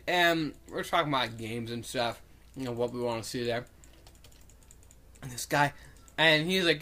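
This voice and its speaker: A man's voice: medium pitch, moderate pace, long pauses, sharp tone. A young man telling a story in casual chat, rambling with lots of fillers and acting out what people said. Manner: rambling, lots of "like" and "um", acts out quotes.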